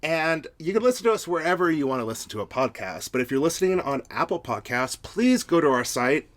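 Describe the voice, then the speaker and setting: A man's voice: on the high side, big pitch swings, brisk. A man co-hosting a podcast, retelling scenes in a chatty, exasperated way. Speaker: podcast co-host. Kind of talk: casual recap chat.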